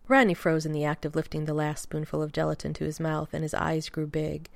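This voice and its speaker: A woman narrating a fan fiction story in an even, expressive storytelling manner. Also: low voice, brisk, vocal fry, few pauses, no echo.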